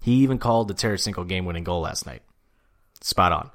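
A man hosting a casual sports podcast, telling stories with animated quoted voices and frequent swearing. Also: fast talker. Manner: animated storytelling, acts out quotes with jumps in pitch. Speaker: podcast host.

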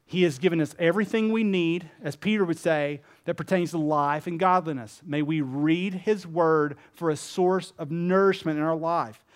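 A man with a high voice preaches a sermon to his congregation. He is earnest and emphatic and slips into stories, voicing the people in them. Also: moderate pace, few pauses. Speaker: pastor.

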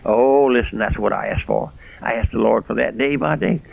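An older man preaching a radio sermon as pastor, fiery and rising to shouts on key phrases. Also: mid-range voice, moderate pace, gravelly. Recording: dry, dull radio broadcast sound.

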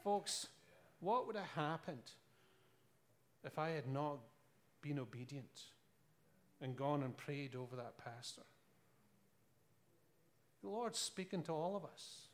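A man's voice: a little high, expressive, takes it slowly, long pauses. A man with a Scottish accent preaching a sermon, telling stories earnestly and asking rhetorical questions.

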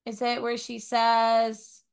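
A young woman co-hosting a casual book club podcast, chiming in with quick agreement and reading passages aloud. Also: a little high, gravelly, smooth. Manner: quick agreeing interjections, animated.

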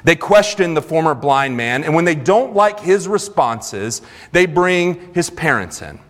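A man's voice: on the high side, big pitch swings, a little slow, fairly bright tone. A man preaching a sermon in a church sanctuary, retelling scripture earnestly with conversational asides. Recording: long reverb of a large hall.

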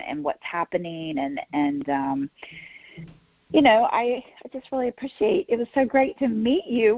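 A woman from North Carolina, a jewelry designer and podcast guest, rambles casually through halting restarts and many "you know"s. Her voice is a little low, and the recording is dry and dull. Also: no echo. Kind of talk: casual interview.

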